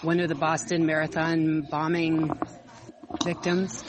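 A woman's voice: low voice, little pitch movement, a little slow. A woman co-hosting a casual online chat, rambling and searching for words. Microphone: online audio chat. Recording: noisy online call audio.

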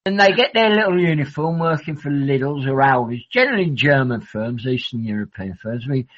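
A man's voice: medium pitch, animated, moderate pace, a bit bright. A man, chatting in a rambling, jokey way and swearing freely. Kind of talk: casual rambling chat. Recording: dull lo-fi audio.

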